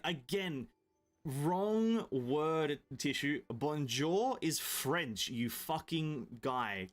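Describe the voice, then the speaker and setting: With a mid-range voice and a fairly bright tone, a man from Europe keeps up casual chatter with his viewers while playing a video game on stream, swearing freely and bantering with them.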